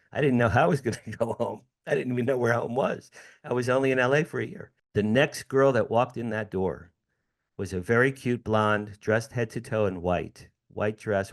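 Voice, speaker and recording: An American man in his sixties, a guest on an interview show, tells a personal story. He speaks in a fairly low voice, acts out each line of dialogue and laughs now and then. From United States.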